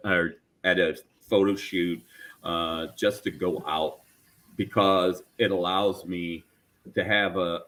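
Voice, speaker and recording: A man's voice: low voice, a bit bright. A man talking casually on a podcast panel about cosplay, rambling with fillers and restarts.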